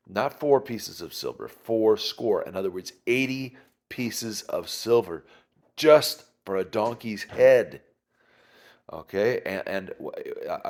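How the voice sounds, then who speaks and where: A man, a pastor, teaching through a Bible passage in a conversational way, pausing and restarting and putting questions to his listeners. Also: sits low, darkish tone.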